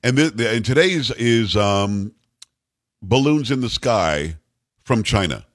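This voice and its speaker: A man's voice: on the low side, expressive, slow pace, no echo. A man hosting a talk radio show in a studio, joking and teasing his co-host in casual, rambling banter.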